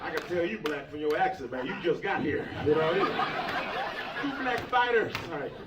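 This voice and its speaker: A male stand-up comedian doing loud, playful crowd work in a comedy club, laughing often. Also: on the high side, very animated, normal speed, very noisy. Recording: roomy live club audio from a distance, dull. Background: loud audience laughter.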